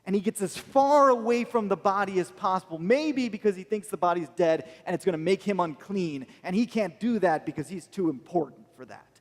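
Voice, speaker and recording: High-voiced pastor preaching in a reverberant hall. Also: male voice, animated, brisk, hardly any pauses. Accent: American. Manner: storytelling, emotional and earnest. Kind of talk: sermon. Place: church hall.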